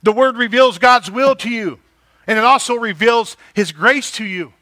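High-voiced bright preaching man. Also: normal speed, no echo. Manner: preaching with rising emphasis and repeated "right?". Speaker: pastor. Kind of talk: sermon.

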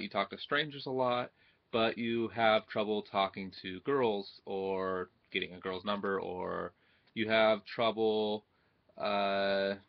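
Gravelly young man, chatty advice vlog. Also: fairly low pitch, lo-fi sound. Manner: repeats "right?" often, acts out quoted greetings. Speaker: YouTube vlogger giving social advice. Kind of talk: casual advice monologue to camera. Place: at home in front of his computer. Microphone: computer webcam mic.

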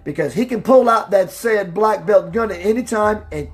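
Preachy spiritual talk radio man. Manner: preachy, emphatic, greets listeners by name; slows down for emphasis, voice dips low and quiet. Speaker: radio show host.

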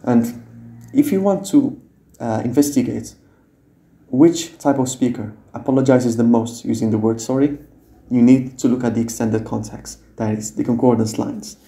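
A man with a very dark, mellow tone walks the viewer through a tutorial. He explains patiently and keeps checking that the listener is following. English is not his first language, and his voice sits in a roomy, echoey space. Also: medium pitch, steady tone, moderate pace. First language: non-native English speaker. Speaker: teacher. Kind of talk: screen-recorded tutorial.

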